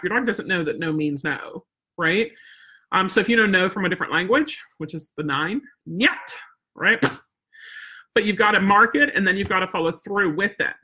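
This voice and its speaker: A woman dog trainer teaches casually on a live stream in a mid-range voice that is pushed and bright, with a breathy edge. She's chatty and plain-spoken, tagging points with "right?" and "okay?" and staying firm about follow-through.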